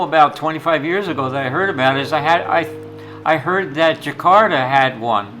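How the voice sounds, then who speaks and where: An older man, a retired jewelry teacher, tells rambling stories in a blunt, opinionated way. His voice sits a bit high for a man. Soft guitar music plays underneath him. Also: rough recording. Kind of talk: anecdotal storytelling.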